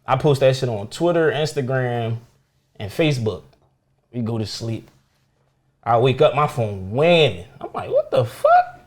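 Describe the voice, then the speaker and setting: A young man, a comedian guest telling stories in casual chat, profane and animated, acting out the people in his stories. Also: mid-range voice, unhurried, long pauses.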